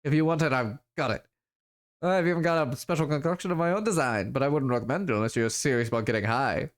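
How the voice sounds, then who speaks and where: A man's voice: medium pitch, animated, normal speed, clean tone, lightly acted. A man voicing a scrawny, cheerful street elf drug dealer with sly, boastful sales patter, reading a video game aloud.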